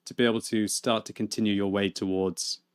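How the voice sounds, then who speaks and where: A man, chatting and laughing through live gaming stream commentary, with excitable outbursts. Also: fairly low pitch, brisk, clear, resonant tone. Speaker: game streamer.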